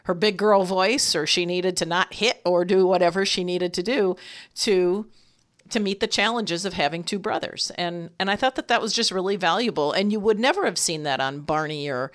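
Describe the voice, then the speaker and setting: A woman's voice: on the low side, moderate pace. A woman hosting a casual discussion, reflective and asking questions aloud. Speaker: podcast host.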